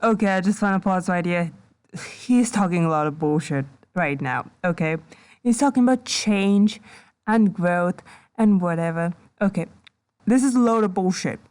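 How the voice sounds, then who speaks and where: A woman doing reaction commentary on a video, exasperated and stammering, breaking into yells of disbelief. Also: lowish voice, moderate pace. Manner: exasperated, stammering, bursts into yelling. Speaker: commentary YouTuber.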